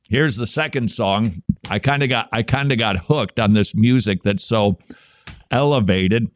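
A man's voice: fairly low pitch, measured pace, no echo. A man hosting a comedic commentary show, sarcastic and mocking as he talks. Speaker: podcast host.

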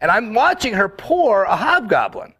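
A man in casual chat, telling rambling, animated stories full of fillers and acting out quoted lines. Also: sits high, normal speed, breathy edge. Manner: acts out quoted lines in the story.

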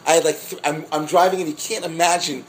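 A man teaching a class as a rabbi, telling a story in an animated, halting way with many restarts and laughs. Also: on the high side, slight background noise, poor audio. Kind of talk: storytelling lecture.

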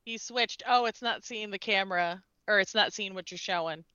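A woman hosting a podcast over a video call, relaxed and dryly amused. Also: mid-range voice, moderate pace, clear, resonant tone, no room sound. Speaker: podcast host. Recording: dry, dull lo-fi call audio.

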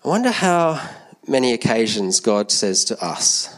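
Brief: thirties man, mid-pitched, easygoing children's talk in church, asks the kids questions. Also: expressive, normal speed. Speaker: church leader speaking to a congregation.

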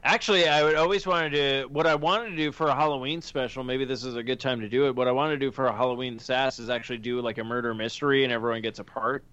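A man's voice: mid-range voice, steady tone, fast, few pauses, fairly bright tone, clear, resonant tone, dry recording, lo-fi sound. A man hosting a casual chat on a call, rambling and teasing his friends. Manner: rambling, teasing, restarts sentences. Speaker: podcast host.

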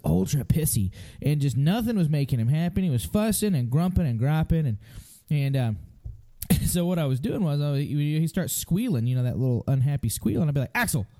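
A man's voice: medium pitch, dark tone. A middle-aged man co-hosting a parenting podcast, telling a story in a rambling, folksy way with frequent laughs. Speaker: podcast co-host. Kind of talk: casual chat.

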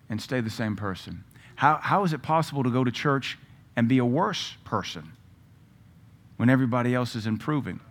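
Man, pastor, sermon, emphatic, repeats for stress, mid pitch.

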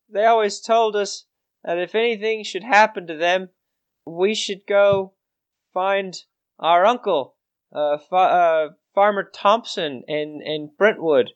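A man voicing a scared but defiant young farm boy, talking in a high, blustering voice with cockney-tinged exclamations. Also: takes it slowly, clean tone, muffled recording. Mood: earnest.

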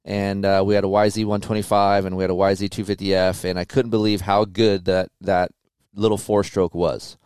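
A man's voice: lowish voice, a little mellow, clear, resonant tone, no room sound, studio quality. A middle-aged man, a motorcycle test rider, telling stories in a loose, casual way with lots of fillers and swearing. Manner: loose, profane, filler-heavy storytelling. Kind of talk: casual storytelling interview.

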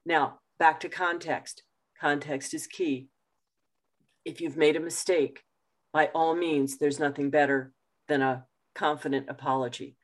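A woman, presenting an online workshop in a measured, emphatic way and laughing easily. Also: low-pitched, steady tone. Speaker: communication trainer. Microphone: video call.

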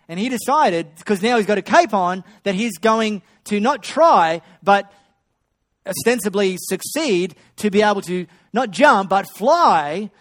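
A man preaching a sermon, swinging between loud excitement and hushed storytelling. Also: sits high. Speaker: pastor.

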